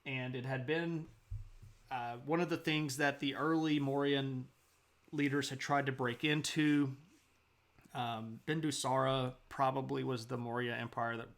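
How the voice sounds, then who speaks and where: A man's voice: medium pitch, steady tone, a little slow, a bit bright. A man streaming a casual history lecture, chatty, greeting viewers and laughing often.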